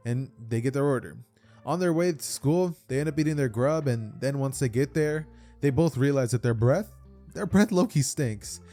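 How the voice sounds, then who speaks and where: A man's voice: mid-range voice, expressive, normal speed, warm tone, faint music behind. A man casually retelling a fan-fiction story, chatty and slangy, often restarting his sentences. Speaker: YouTube storyteller.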